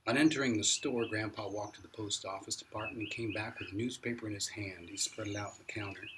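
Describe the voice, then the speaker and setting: Brief: low male audiobook reader, plain delivery, distant mic with birdsong. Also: fairly even intonation, fast, noisy background. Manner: plain storytelling. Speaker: narrator. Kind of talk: reading a novel aloud.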